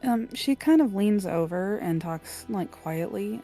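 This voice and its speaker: Player at the table, woman, relaxed warm voice, narrates her character casually. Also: mid-range voice, measured pace, hardly any pauses, faint music behind. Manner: chatty, narrates her character's actions in third person. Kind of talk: playing a tabletop role-playing game.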